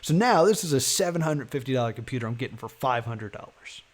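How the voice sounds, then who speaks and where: A man with a middling voice talks casually to his stream, chuckling as he tells his story. He swings between his plain voice and quick put-on voices for the people in it. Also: medium pitch. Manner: animated, laughing, acts out the people in his story. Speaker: live streamer.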